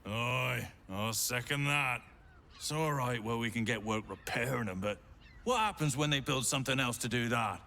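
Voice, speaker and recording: Game workman, gruff, folksy, forceful bright voice. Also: medium pitch, expressive, moderate pace, a little hiss or hum. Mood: wary.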